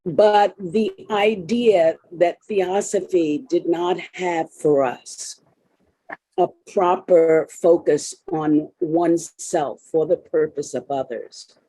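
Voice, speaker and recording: Hesitant low-voiced woman asking a question. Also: slow pace, dark tone, husky, dry recording, poor audio. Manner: hesitant, many restarts and fillers. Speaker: audience member asking a question. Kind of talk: earnest question in a discussion.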